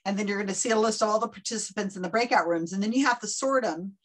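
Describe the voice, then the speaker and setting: A chatty woman hosting a trivia night over a video call, laughing easily and giving step-by-step directions. Her pitch sits in the middle for a woman. She sounds like she's at a home computer mic. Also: quick pace. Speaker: trivia game organizer. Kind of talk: casual group video call chat.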